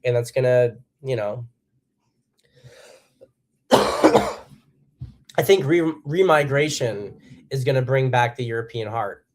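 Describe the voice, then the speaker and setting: A man's voice: medium pitch, takes it slowly, long pauses. A man giving solo political commentary as host, blunt and profane, with emphatic bursts. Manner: acts out quotes in a harsh voice.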